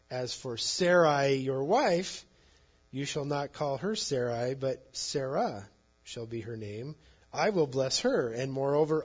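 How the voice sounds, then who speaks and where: A man's voice: mid-range voice, slightly rough, highs cut off. A man preaching a sermon, reading scripture and retelling it in plain conversational words. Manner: conversational, paraphrases scripture in everyday speech. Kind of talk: sermon, Bible teaching.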